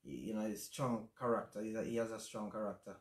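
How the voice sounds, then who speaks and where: A man with a Jamaican accent hosting a casual livestream chat, speaking in a reflective, halting way with many fillers. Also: on the low side. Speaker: channel host. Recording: roomy echo.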